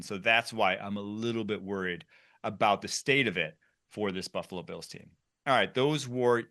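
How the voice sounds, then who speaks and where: Guy hosting a football talk show, bright voice, kinda low, animated. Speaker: podcast host.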